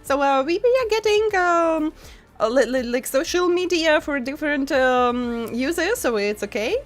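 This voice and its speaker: A woman's voice: high voice, lively intonation, normal speed, faint music behind. A woman streamer with a non-native English accent, chatting casually with her viewers, full of fillers and laughing often. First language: not English. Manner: chatty, frequent fillers and laughs, reads chat aloud. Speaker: VTuber streamer.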